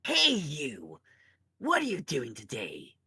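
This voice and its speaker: A brash, peppy young cartoon guy barks invitations with bouncy energy, as a man puts him on. The voice sits somewhat higher than a normal speaking voice. It comes across as a quick bit of play-acting. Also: wildly swooping pitch, vocal fry, sharp tone, slightly rough, no echo, exaggerated voice. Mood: pushy.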